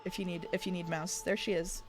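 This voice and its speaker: A woman's voice: lowish voice, little pitch movement, a little fast, soft background music. A woman hosting a stream, chatting casually and playfully reading viewer messages aloud. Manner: giggly, reads chat aloud, playful. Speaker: streamer host.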